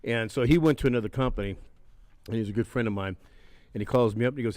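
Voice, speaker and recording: A man's voice: mid-range voice, fast talker, a little mellow, no room sound. An older man, a former actor, telling stories in a casual interview, rambling and profane, acting out other people's lines.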